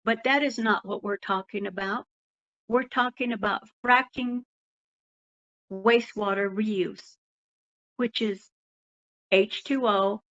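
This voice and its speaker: A woman's voice: mid-range voice, bright, forceful tone. Hesitant woman, dull remote audio. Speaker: public commenter. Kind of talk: public comment.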